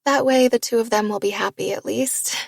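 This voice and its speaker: A woman's voice: fairly high pitch, steady tone, a little fast, vocal fry, no room sound, clean studio sound. A woman voicing an accommodating young woman who offers to keep the peace. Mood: obliging. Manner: offering, giving in.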